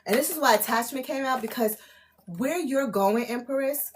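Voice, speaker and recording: Excitable woman giving a live psychic reading. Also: high-pitched, normal speed. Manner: excitable, swears, laughs at herself, says "okay?" a lot. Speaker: spiritual tarot reader. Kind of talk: live-streamed channeled reading. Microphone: phone or camera mic on a live stream.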